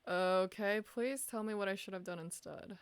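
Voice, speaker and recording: A woman's voice: medium pitch, normal speed, clear, resonant tone. A woman chess streamer thinking aloud as she analyzes her games, asking herself questions and poking fun at her own mistakes. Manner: muses aloud, asks herself questions, self-deprecating.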